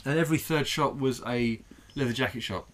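A man's voice: mid-range voice, fairly quick, a bit bright. A man co-hosting a comedy podcast over drinks, rambling and swearing a lot as he laughs at his own jokes. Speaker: podcast co-host. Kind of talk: casual, crude comedic chat over drinks.

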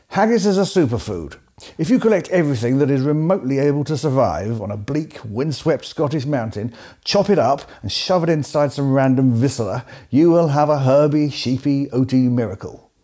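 A man with an English accent delivers scripted comic narration in a dry, sardonic way. His voice is mellow and warm, with a medium pitch that sits in the middle of the male range. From England. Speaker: host.

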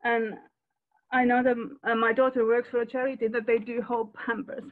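A woman's voice: fairly high pitch, flat delivery. Tearful older woman over a tinny call line. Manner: halting, emotional, tearful. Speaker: foster carer. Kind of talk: sharing in a Q&A. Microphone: video call. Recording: tinny phone-like call audio.

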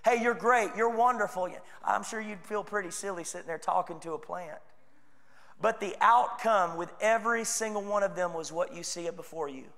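Texan preacher guy, pretty high voice, earnest and chatty, lots of church echo. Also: moderate pace, vocal fry, sharp tone. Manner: earnest, conversational preaching with acted quotes. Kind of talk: sermon. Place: church sanctuary.

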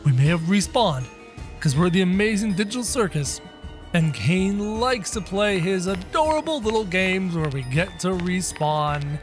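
A man with a high, bright, very animated voice comments on a game as he plays, joking and yelping at every scare. Faint music plays behind him. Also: measured pace. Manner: excitable, jokey, prone to yelps and shouts. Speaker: gaming channel host. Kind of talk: game commentary, playing in character.

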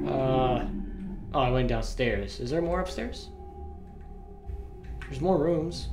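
A man playing a horror game, reading the story text aloud and joking about it, with loud startled outbursts. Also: mid-range voice, slow pace, long pauses, roomy sound, music in the background. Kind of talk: let's play commentary with read-aloud story text.

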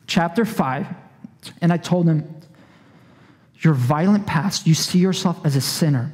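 A man's voice: sits high, a little mellow, big-room sound. A man preaching a sermon as a pastor, earnest and full of storytelling. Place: church.

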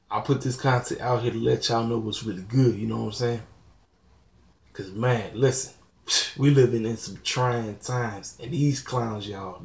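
Man, young adult, vlog rant, blunt, preachy, echoey room. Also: mid-range voice. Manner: blunt, preachy, laughing asides. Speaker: channel host. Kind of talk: casual vlog rant to viewers. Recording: roomy echo.

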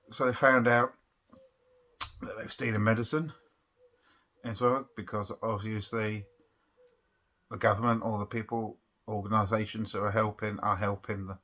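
Young male vlogger, slightly low voice, chatty and rambling review delivery. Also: bright, forceful tone. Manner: rambling, with restarts and fillers. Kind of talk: casual spoken review.

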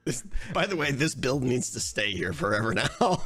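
Teasing man with a lively voice. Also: mid-range voice, moderate pace. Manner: teasing and joking. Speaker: Minecraft player. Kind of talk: casual chat among players.

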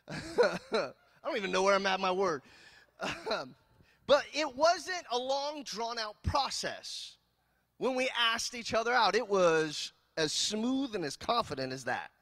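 A man from California preaching a sermon as pastor, telling jokes and stories in an animated way. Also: high voice, slow pace, dry recording, clean studio sound. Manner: animated, joking storyteller. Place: church.

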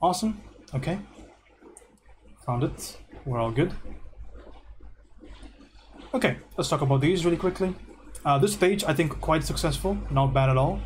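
A man teaching art on a livestream, going through student homework and giving relaxed, encouraging feedback. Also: on the high side, normal speed, pauses often, a little hiss or hum. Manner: relaxed and encouraging, thinks aloud with repeated praise.

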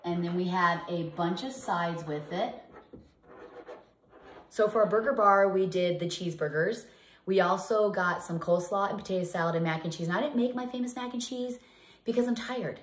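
This home cooking vlogger is a middle-aged woman with a lowish voice who chats at a moderate pace. She tells wandering stories packed with fillers and false starts, recorded in an echoey room.

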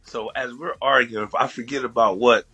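A man from the USA holds forth as a talk show guest, his voice bright and a little husky. He spins a loose, profane story, chuckling through it. Faint music plays underneath. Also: mid-range voice, normal speed. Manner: profane, laughing, animated storytelling. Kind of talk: casual storytelling.

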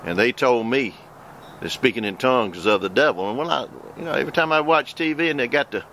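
A man preaching a video sermon outdoors in a folksy, animated way, with sudden loud outbursts. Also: mid-range voice, fast talker, a little hiss or hum. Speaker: preacher and host. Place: outdoors by the woods near his porch.

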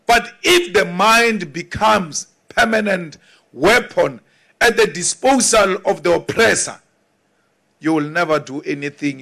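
A South African man speaks from the podium in a notably high register, pressing each point slowly and deliberately. He repeats phrases for emphasis, building an emphatic, insistent political address. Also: vocal fry, a bit bright. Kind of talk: political speech to an audience.

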